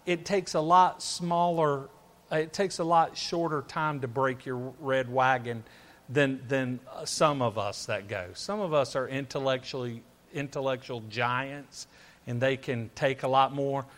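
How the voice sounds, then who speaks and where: A man's voice: medium pitch, steady tone, unhurried, a bit bright. A man preaching a sermon, emphatic and repetitive, firing off rhetorical questions to his listeners.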